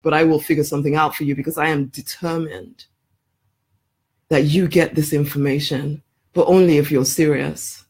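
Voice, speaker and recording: A woman's voice: deep voice, steady tone, moderate pace, a little mellow, breathy edge. Emphatic woman coach, calls you honey. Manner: emphatic, repeats key phrases, calls listener honey; laughs often between phrases. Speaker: life coach. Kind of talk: promotional live video talk.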